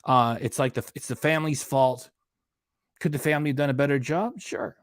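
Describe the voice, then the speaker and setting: A man's voice: medium pitch, steady tone, fairly quick, dry recording, studio quality. A man hosting a reaction channel, ranting in an indignant, emphatic way and hammering home his points. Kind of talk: casual commentary rant.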